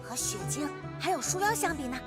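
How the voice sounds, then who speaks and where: A woman voicing a young, cheerful and curious companion girl in a game dub, lively and teasing. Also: high voice, fairly quick, over loud music.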